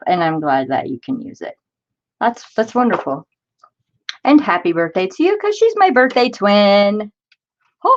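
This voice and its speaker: A woman's voice: fairly low pitch, a little mellow, muffled recording. A woman in her forties hosting a crafting livestream, chatting in a rambling way and greeting viewers by name as she reads their comments. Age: 40s. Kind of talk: casual live-stream chat.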